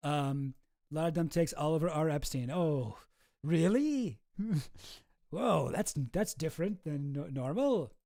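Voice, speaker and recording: A man's voice: fairly high pitch, expressive, slow, dark tone, dry recording, studio quality. A man streaming, casually reacting to clips with sarcastic, rambling commentary and many restarts.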